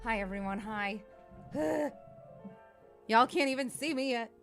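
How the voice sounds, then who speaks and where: A woman's voice: fairly high pitch, a little fast, a bit bright, soft background music. A woman streamer chatting casually with her viewers, rambling and a little winded. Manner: chatty, rambling, talks to chat. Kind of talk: casual live-stream chat.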